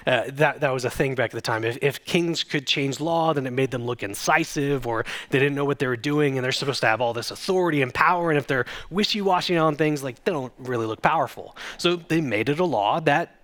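A pastor gives a conversational sermon, retelling a scripture story, reading it aloud, and voicing the quoted characters dramatically. His voice is medium-pitched and a bit bright, and he speaks a little fast with few pauses.

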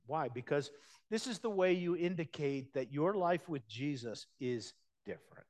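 A man preaching a sermon, talking conversationally and swinging between hushed, low passages and emphatic, raised ones. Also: expressive, moderate pace. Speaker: pastor.

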